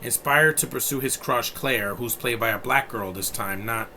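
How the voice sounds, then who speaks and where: A man's voice: mid-range voice, normal speed, sharp tone, a little hiss or hum. A man in his thirties from New York City, giving a casual and blunt film review, rambling with plenty of fillers and profanity. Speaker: movie reviewer.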